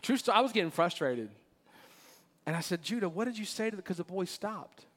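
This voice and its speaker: Lively man in his forties preaching. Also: high voice, a little fast. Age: 40s. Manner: animated storytelling with laughter, swings between loud and hushed. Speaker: pastor. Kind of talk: sermon. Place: church sanctuary. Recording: long reverb of a church hall.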